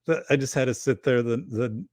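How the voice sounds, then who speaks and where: A man's voice: mid-range voice, brisk, a little mellow, dry recording, clean studio sound. Rambling, chatty male host. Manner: rambling, chatty, reads chat aloud. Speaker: show host. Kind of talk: casual livestream chat.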